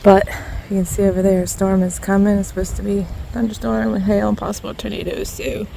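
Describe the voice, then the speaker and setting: A woman's voice: mid-range voice, flat delivery, fairly quick, creaky, warm tone, a little hiss or hum. Breathless woman vlogging yard work outdoors. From Ohio. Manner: chatty, self-deprecating, laughs often. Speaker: DIY garden vlogger. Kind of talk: casual vlog narration while working outdoors. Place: outdoor backyard garden.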